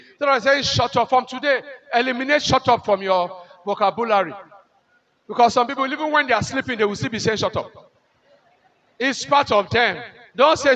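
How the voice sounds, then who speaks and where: A man with a Nigerian accent giving a motivational lecture to nurses at a conference, emphatic and repetitive, slowing down on key lines and asking the audience rhetorical questions. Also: extremely high pitch, bright, forceful tone, muffled recording.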